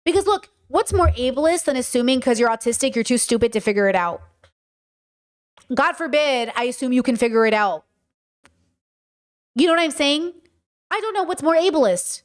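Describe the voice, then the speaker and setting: An American woman in her thirties hosts a casual podcast monologue in a high-pitched voice at a moderate pace, pausing often. She's animated and swears a lot while acting out her own reactions.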